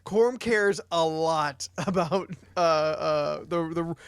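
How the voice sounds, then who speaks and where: A man's voice: fairly high pitch, slow pace, smooth, no echo. Dry-recorded man, quipping. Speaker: podcast co-host. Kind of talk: casual chat.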